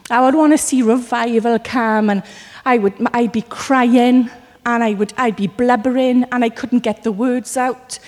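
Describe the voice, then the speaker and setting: A Welsh woman preacher gives a sermon at a measured pace, her slightly high voice ringing through a large hall. She shares personal stories with animated flair, acting out little voices as asides.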